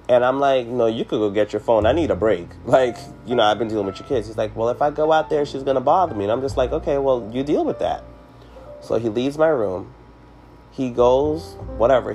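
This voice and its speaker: A man's voice: medium pitch, a little mellow. Emphatic man telling a story. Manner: emphatic, fillers like "you know". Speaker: podcast host. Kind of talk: storytelling casual chat.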